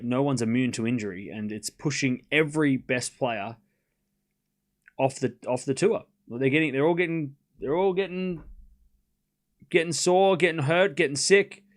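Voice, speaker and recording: A young man hosting a live stream, chatting casually and rambling, often repeating himself. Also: mid-range voice. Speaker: host.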